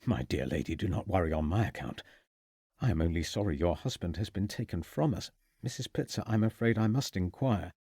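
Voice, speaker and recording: A man playing a courteous, measured detective. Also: low voice, warm tone, breathy edge, no echo, clean studio sound, pitched below the performer's own voice. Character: calm, courteous Victorian detective.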